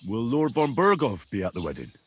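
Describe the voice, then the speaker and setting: A man's voice: medium pitch, wildly swooping pitch, brisk, a little hiss or hum. An actor playing a curious, earnest young man in a video game, speaking plainly with a questioning tone. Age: young adult.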